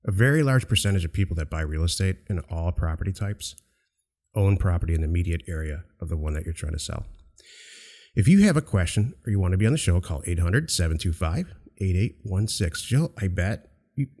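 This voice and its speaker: A man's voice: low-pitched, sing-song, a little fast, darkish tone. A man co-hosting a casual radio-style show, giving emphatic instructions and teasing his co-host. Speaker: podcast co-host. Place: outdoors near a beach.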